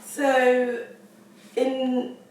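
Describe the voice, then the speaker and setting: A woman's voice: high-pitched, monotone, very slow, a little mellow. Woman, distant and echoey. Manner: thoughtful, explains in steps with fillers. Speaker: guest doctor. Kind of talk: casual conversation. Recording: roomy echo, distant mic.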